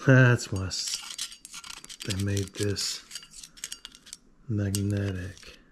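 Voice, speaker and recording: A man's voice: fairly low pitch, steady tone, extremely slow, noisy background. A man with a drawl, working on a tool and talking to himself in a joking, rambling way. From Alabama. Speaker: video host. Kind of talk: casual workshop tinkering talk.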